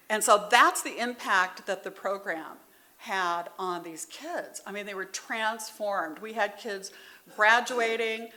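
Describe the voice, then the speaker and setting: A middle-aged woman's testimony at a recovery meeting comes slowly in a bright, forceful, medium-pitched voice. She recounts her story candidly and conversationally, heartfelt and near tears at moments.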